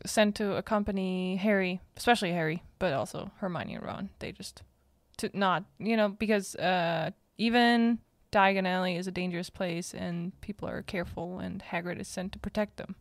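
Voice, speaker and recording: A woman co-hosting a podcast, chatting casually about a book and pausing to search for words. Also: mid-range voice, no room sound, studio quality. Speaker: podcast co-host.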